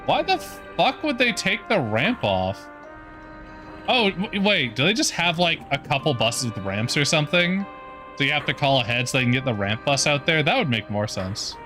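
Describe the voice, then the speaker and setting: A man's voice: on the high side, very animated, normal speed, sharp tone. Man streaming a game over music. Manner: casual, swears freely. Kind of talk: casual gaming stream commentary.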